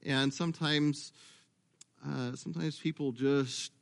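A middle-aged man preaches in a relaxed, conversational way, stopping to correct himself and drop in asides. His voice sits a little high for a man. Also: slow pace, vocal fry. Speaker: pastor. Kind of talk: sermon.

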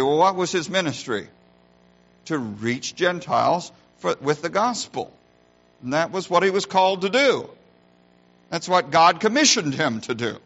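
A man's voice: a little high, sing-song, measured pace, fairly bright tone. Earnest preaching man, dull recording. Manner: earnest preaching, varied emphasis, rhetorical questions. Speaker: pastor. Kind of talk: sermon.

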